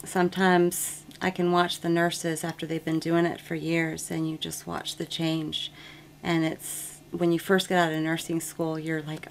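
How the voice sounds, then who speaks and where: Low, gravelly-voiced woman nurse. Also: little pitch movement, measured pace. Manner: earnest, reflective storytelling with frequent ums. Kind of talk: testimonial interview.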